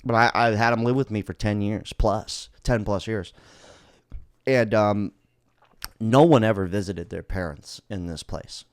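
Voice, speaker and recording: A man hosts a casual solo podcast in a fairly low voice. He talks bluntly and rambles, swearing freely. The sound is dry and close. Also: measured pace, no echo. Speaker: podcast host.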